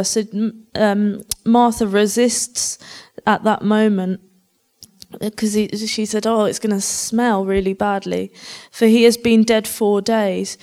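A woman's voice: mid-range voice, level tone, slow pace. A woman reading Bible passages aloud and breaking off now and then with personal comments, like a preacher in a talk. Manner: reads scripture aloud, breaks off for warm personal asides.

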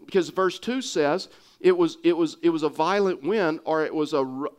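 This sermon comes from a Texas-accented man whose voice runs somewhat high for a male, speaking at normal speed. He talks earnestly, returning again and again to phrases he repeats and restarts to hammer the point.

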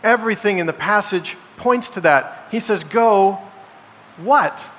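A man's voice: sits high, normal speed, sharp tone. A man preaching a sermon as pastor, emphatic and posing rhetorical questions to his congregation. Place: church sanctuary. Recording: long hall reverb, faint background noise.

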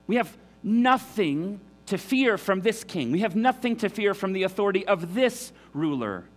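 A man's voice: high voice, sing-song, normal speed. A man preaching a sermon in an earnest, emphatic way, often restarting his sentences. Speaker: pastor.

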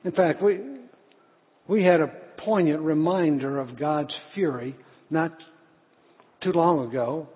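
Middle-aged guy preaching, kinda high voice, husky, sounds like a phone line. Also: unhurried, pauses often. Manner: earnest storytelling with restarts. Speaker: pastor. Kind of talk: sermon. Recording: tinny phone-like sound in a reverberant hall.

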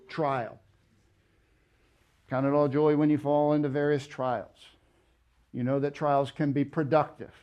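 A man preaching a sermon, emphatic, with rhetorical questions and loud stressed words. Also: fairly high pitch. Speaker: pastor. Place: church.

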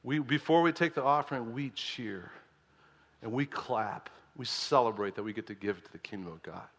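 A man's voice: mid-range voice, normal speed, a bit bright. A man quoting another pastor in his own plain voice, in a big reverberant hall. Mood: explaining. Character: upbeat male visiting pastor announcing a custom.

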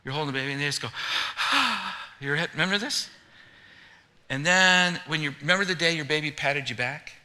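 A man with a very bright, forceful voice preaches. He talks to the congregation in a chatty, joking way, then builds to loud, emphatic declarations. His pitch sits a little higher than most men's. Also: fast talker. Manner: conversational, humorous, rising to loud emphatic preaching. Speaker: pastor. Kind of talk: sermon.

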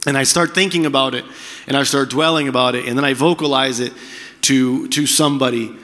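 Bright-voiced pastor preaching in a hall. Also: male voice, medium pitch, steady tone, fairly quick. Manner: candid, conversational preaching with frequent restarts. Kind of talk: sermon.

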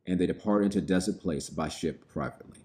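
A man's voice: low-pitched, quick pace, warm tone. A man preaching a sermon, reading scripture aloud and then explaining it in plain, everyday words.

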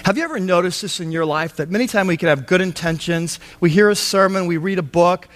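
A man's voice: sits high, quick pace, a bit bright. A man preaching a sermon on a Bible passage, talking conversationally with asides and acted-out quotes. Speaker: pastor.

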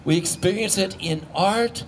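A man's voice: sits high, unhurried, a little hiss or hum. A man who is a pastor, preaching a sermon in a conversational way, with restarts and rhetorical questions to the congregation.

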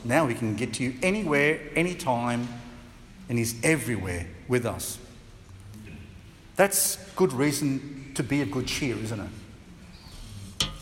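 A man preaching a sermon as pastor, chatty and lively, now and then acting out voices with a laugh. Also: medium pitch, in a large hall, a little hiss or hum. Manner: conversational, acts out voices and laughs.

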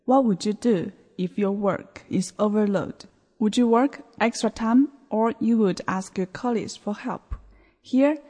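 A woman teaching a beginner language lesson on a podcast, explaining words in a slow, clear way. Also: medium pitch, mellow. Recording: long hall reverb.

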